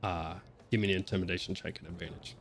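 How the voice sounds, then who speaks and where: A man narrating as dungeon master of a tabletop game, in a loose, halting way with many fillers. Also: low voice, steady tone, music in the background.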